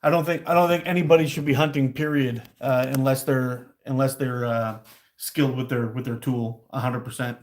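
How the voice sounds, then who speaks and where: A man's voice: medium pitch, steady tone, moderate pace, roomy sound. Blunt, casual man chatting in his workshop. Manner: loose, blunt, swears casually. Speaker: slingshot maker. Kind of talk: casual workshop chat while crafting.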